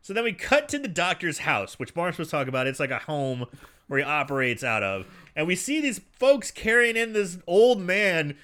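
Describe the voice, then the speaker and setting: A podcast co-host recaps a movie casually, acting out the characters' lines and laughing often as an animated storyteller. His voice is a little high and resonant, at a moderate pace, and the audio is clear.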